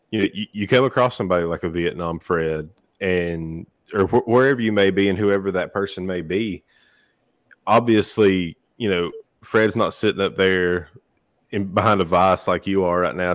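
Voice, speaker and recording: Very deep-voiced rambling man. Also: no echo. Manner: rambling, heavy on filler phrases. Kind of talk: casual chat. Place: podcast studio.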